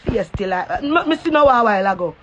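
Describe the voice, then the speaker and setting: A woman's voice: mid-range voice, animated, fast, a little hiss or hum, voice pushed down, lightly acted. A woman with a Jamaican accent mimicking a boastful, drunk man with gold teeth, in a slurred, rambling way, on a phone live stream. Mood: mocking.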